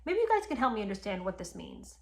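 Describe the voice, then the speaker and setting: A woman's voice: on the high side, sing-song, quick pace. A woman hosting a history podcast, retelling events and reacting with indignation while talking straight to her listeners. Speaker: podcast host. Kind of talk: animated history commentary.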